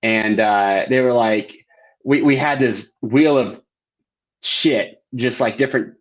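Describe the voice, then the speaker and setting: A man's voice: mid-range voice, takes it slowly. Chatty American man, muffled audio. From United States. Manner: chatty, explains things in detail. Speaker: podcast guest. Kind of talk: casual interview chat.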